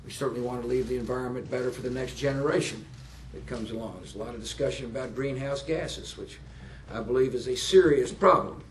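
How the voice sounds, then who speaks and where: A man in his sixties giving a public speech to plant workers, folksy and halting, with fillers and joking asides. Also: mid-range voice, slight background noise. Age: 60s. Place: nuclear power plant, indoors.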